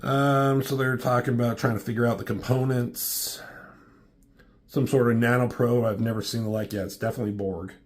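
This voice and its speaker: A man's voice: mid-range voice, fairly even intonation, normal speed. Offhand, foul-mouthed man reviewing comics. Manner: offhand, swears freely. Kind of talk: casual commentary.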